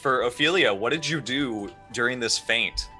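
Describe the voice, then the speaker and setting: A man's voice: mid-range voice, moderate pace, soft background music. A man playing a tabletop game, chatting casually and trailing off while he explains the rules. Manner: animated, hesitant when explaining rules. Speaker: player.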